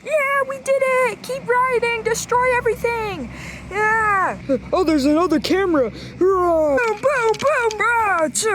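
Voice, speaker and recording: A woman acting out a plush toy story, switching between many character voices with excited shouted sound effects. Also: extremely high pitch, very noisy. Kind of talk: playful toy role-play narration.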